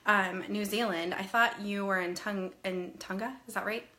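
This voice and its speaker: A woman's voice: medium pitch, steady tone, normal speed, pushed and bright. A woman in her thirties hosting a casual live stream, chatty and greeting viewers by name, slightly out of breath and a little nasal from a cold.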